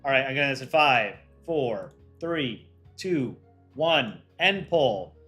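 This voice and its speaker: A man's voice: medium pitch, takes it slowly, soft background music. Easygoing man hosting a livestream. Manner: relaxed, reads chat aloud and runs polls. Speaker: livestream host and voice actor. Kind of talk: casual livestream chat.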